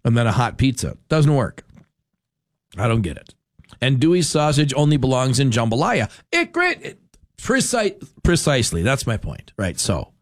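A man hosting a talk radio show, rambling in a casual, animated monologue and often cutting himself off. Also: mid-range voice, dry recording, clean studio sound. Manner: rambling, animated, self-interrupting. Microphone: studio mic.

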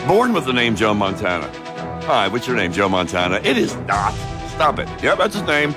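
A man's voice: lowish voice, very animated, moderate pace, over music. A man hosting a morning radio show, chatting casually with wry, joking sports banter.

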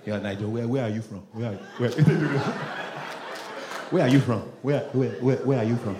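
A man's voice: steady tone, slow, background noise, natural voice. A man doing a suspicious, pushy Nigerian guy. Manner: low, insistent questioning. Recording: echoey comedy club with laughing crowd.

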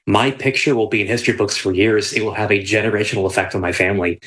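A man's voice: fairly low pitch, steady tone, quick pace, fairly bright tone, rough recording. Earnest man as a talk show guest. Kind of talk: casual interview.

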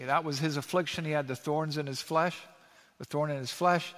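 A pastor preaching an animated sermon, reading scripture aloud and building to emphatic peaks. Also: male voice, fairly high pitch, moderate pace. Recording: long reverb of a large hall.

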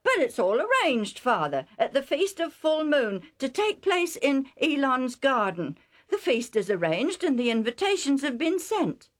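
A woman's voice: high voice, sing-song, unhurried, pitched above the performer's own voice. A woman reading a story aloud voices a headstrong young man who speaks eagerly and defensively, stammering at times.

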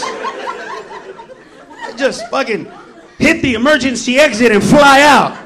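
A man doing stand-up comedy, brash and profane, shouting his punchlines. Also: extremely high pitch, wildly swooping pitch, takes it slowly, pauses often, slight background noise.

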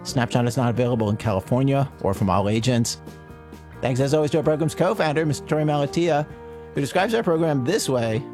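A man's voice: medium pitch, fast talker, darkish tone. Man hosting a radio show over music. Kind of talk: radio credits and sponsor reads.

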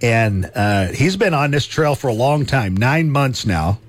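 A man's voice: mid-range voice, lively intonation, unhurried. Chatty radio talk host, man. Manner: chatty, laughs easily, repeats himself. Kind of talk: casual talk radio chat.

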